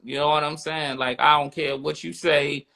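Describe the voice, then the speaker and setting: A blunt, streetwise man talking casually on a podcast. His voice is gravelly with a bright, forceful edge and sits a little high for a man. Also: level tone, moderate pace. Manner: blunt, streetwise, repeats "you know what I'm saying". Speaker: podcast co-host.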